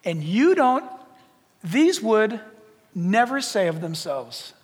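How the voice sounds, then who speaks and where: A man preaching a sermon as pastor, animated, acting out little dialogues and rising to shouts. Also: sits high, unhurried, slightly rough. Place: church sanctuary. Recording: long reverb of a church hall.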